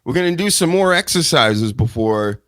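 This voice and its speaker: A man's voice: a little high, expressive, moderate pace, fairly bright tone, dry recording. Rambling, joking male show host. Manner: rambling, joking, self-mocking asides. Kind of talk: live wrestling news talk show.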